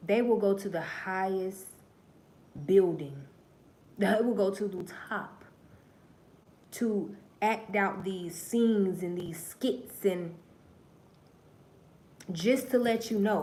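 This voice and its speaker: A woman's voice: a little slow, pauses often. A woman hosting a livestream, telling a story in a profane, preachy way and speaking straight to her viewers. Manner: swings between low murmurs and loud emphatic bursts. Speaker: livestream host. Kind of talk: casual livestream monologue.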